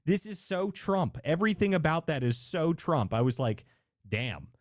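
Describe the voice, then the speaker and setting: A man's voice: on the high side, lively intonation, normal speed, dry recording, studio quality. Rambling, emphatic male stream host. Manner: rambling, emphatic, heavy use of "like". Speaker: livestream political show host. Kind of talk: casual political commentary.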